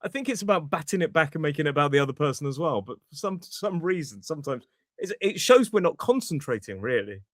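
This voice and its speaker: A man with a British English accent, chatting as a podcast co-host and English teacher in an animated way, exclaiming and laughing. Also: on the high side, fast talker, no echo, clean studio sound. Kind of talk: casual chat.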